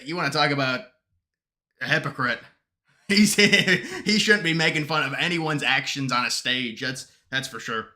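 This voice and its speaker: A man's voice: a little high, pushed and bright. A man hosting a casual live stream, reading chat questions aloud and answering them in a mocking tone, laughing often and tripping over his words.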